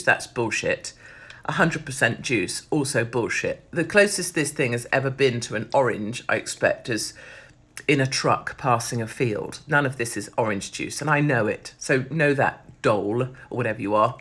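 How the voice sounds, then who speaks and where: A middle-aged British woman talking bluntly and swearing freely in a casual vlog, her voice hoarse from overuse. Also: rumbling low, fairly bright tone. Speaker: vlogger.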